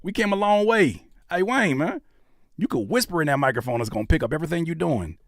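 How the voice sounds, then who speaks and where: Animated man hosting a music livestream. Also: fairly high pitch, fast talker, no room sound, studio quality. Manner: joking, animated, rambling with restarts and laughs. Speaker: livestream host reacting to submitted music. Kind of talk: casual livestream commentary.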